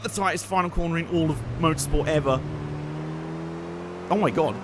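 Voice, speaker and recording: A man giving joking, excitable live commentary while playing a racing game and chatting to his viewers. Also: a little high, moderate pace. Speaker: streamer. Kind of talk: live let's-play commentary. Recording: game car noise underneath.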